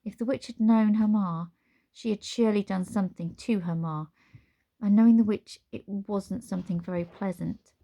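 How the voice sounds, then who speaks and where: Woman narrator for a storybook reading, measured and expressive. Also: medium pitch, creaky.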